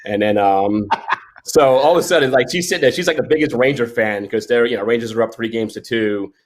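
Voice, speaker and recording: A man's voice: medium pitch, fairly quick. A man in his forties, a sports photojournalist guest, telling stories in casual chat with many restarts and fillers.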